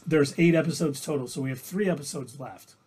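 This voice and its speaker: A man's voice: on the high side, fairly quick, darkish tone, husky. A man co-hosting a livestream, casually recapping TV episodes in a rambling, self-correcting way. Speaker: livestream co-host.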